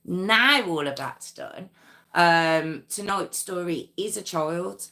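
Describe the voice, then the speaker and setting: Bright, slow-talking chatty woman. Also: fairly low pitch. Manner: chatty, giggly, reads comments aloud. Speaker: true crime livestream host. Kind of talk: casual live chat with viewers.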